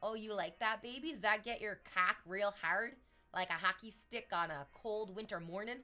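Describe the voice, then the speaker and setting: A woman's voice: medium pitch, moderate pace, pushed and bright, soft background music, natural voice. A woman doing an exaggerated, flirty Canadian stereotype in a mock Canadian accent, hammy and teasing and leaning hard on "eh". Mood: mock sultry.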